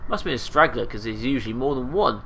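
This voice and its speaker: A man reading the lines of a grimy, wounded middle-aged male scavenger in a roleplaying game, with rough slang. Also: mid-range voice, expressive, fast talker, a bit bright, slight background noise. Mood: aggrieved.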